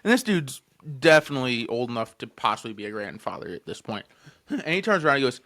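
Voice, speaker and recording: A man's voice: mid-range voice, sing-song, fast, a bit bright. A man in his twenties co-hosting a podcast, telling a story casually, swearing freely, laughing often and leaning on fillers. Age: 20s. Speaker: podcast co-host.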